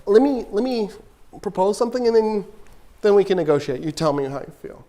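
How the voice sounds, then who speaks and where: A man voicing an older male caliph who negotiates calmly and firmly, speaking in a plain, matter-of-fact way. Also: high voice, brisk, voice pushed up.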